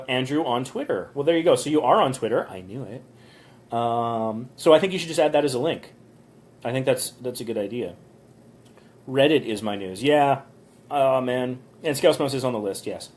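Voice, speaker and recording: Man, casual livestream host, rambling and chatty, medium pitch, phone mic in a motel room. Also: darkish tone. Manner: chatty, rambling, with frequent ums and small rants. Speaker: host reviewing viewers' channels. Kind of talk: casual live-stream commentary.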